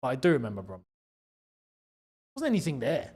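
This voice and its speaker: Fairly quick and slightly rough, a little mellow, with huge swings in pitch around a medium level, this young Londoner's voice carries a live football watchalong. He offers casual match commentary, laughs often, and reads out viewers' super chats.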